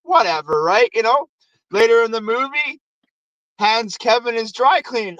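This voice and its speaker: Animated high-voiced man recapping movies. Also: normal speed, no room sound, dull audio. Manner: animated, swearing, acts out movie quotes. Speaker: host.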